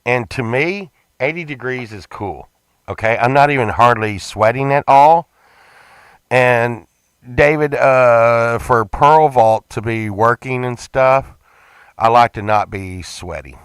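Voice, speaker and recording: A man's voice: mid-range voice, slow, a bit bright, smooth, dry recording. A man talking in a casual, rambling vlog, stumbling over his words and repeating himself. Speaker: vlogger.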